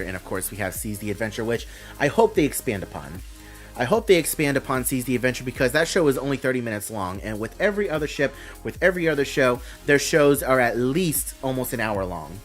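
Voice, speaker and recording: A man hosting a live stream, reading out announcements and thinking aloud with a rambling, casual manner. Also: medium pitch.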